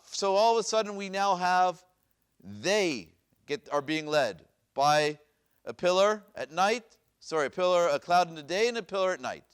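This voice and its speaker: A man's voice: sits high, animated, normal speed, smooth. A man teaching a Bible class as a rabbi, reading verses aloud and asking his listeners questions. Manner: asks questions and repeats them, reads Hebrew verses aloud. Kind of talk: classroom lecture with questions to the audience. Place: synagogue classroom.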